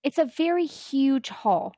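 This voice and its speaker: A woman co-hosting a podcast in casual chat, animated and giggly, acting out lines she quotes. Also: high-pitched, measured pace, no room sound, clean studio sound. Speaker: podcast co-host.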